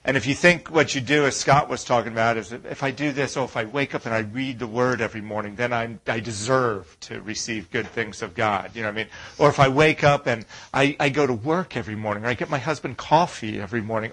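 A man's voice: medium pitch, brisk, few pauses, rough recording. A middle-aged man preaching a conversational sermon, asking rhetorical questions and acting out complaining voices. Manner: animated, acts out whiny voices, rhetorical questions.

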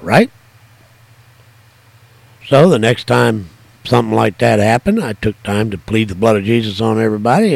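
An older man preaching and telling stories from his ministry, emphatic, his voice jumping higher on stressed words. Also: gravelly, darkish tone, no echo. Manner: emphatic storytelling, voice jumps high for stress. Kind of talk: informal sermon-style teaching.

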